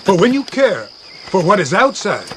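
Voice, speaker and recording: A man putting on a lofty, pompous high voice. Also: huge pitch swings, moderate pace, background noise. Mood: solemn.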